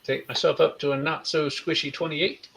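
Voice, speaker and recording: A man's voice: a little high, flat delivery, normal speed, vocal fry, fairly bright tone, husky. A man playing a tabletop game, casual and hesitant with fillers. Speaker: player. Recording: dull lo-fi sound.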